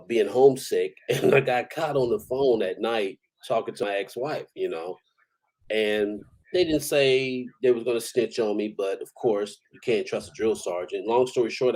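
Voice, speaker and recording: A man's voice: fairly low pitch, a little mellow, slightly rough, rough recording. A man, an army veteran, telling stories in a casual, profane, rambling way and chuckling now and then. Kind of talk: casual storytelling.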